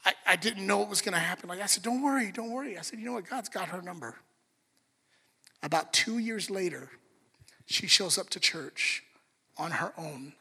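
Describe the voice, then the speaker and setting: A male pastor preaching a sermon, telling a story with lively, acted-out quotes. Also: sits high, moderate pace, gravelly, husky. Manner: animated storyteller, acts out quotes. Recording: long reverb of a large hall, soft music behind.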